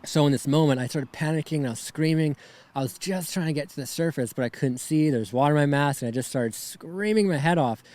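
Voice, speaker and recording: A man's voice: a little high, fast talker, darkish tone. A young man, a podcast guest, telling a personal story in a rambling way, shaken and close to tears, often adding "right?" and "man".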